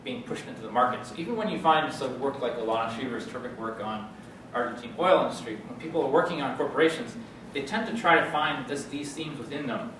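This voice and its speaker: A man giving an academic lecture as a guest speaker, halting with many fillers and restarts. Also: medium pitch, fairly bright tone. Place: lecture hall. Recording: echoey hall, distant mic, noisy.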